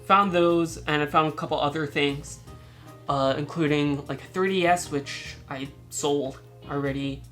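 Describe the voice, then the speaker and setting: A woman's voice: sits low, steady tone, unhurried, a bit bright, faint music behind. A woman hosting a casual haul vlog, chatty and rambling, laughing often and restarting her words. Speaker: channel host showing thrift finds.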